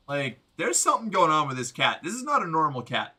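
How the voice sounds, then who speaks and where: A man streaming a game, giving excitable, joking commentary with crude humor. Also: fairly high pitch, fairly quick, hardly any pauses, breathy edge. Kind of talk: gameplay commentary.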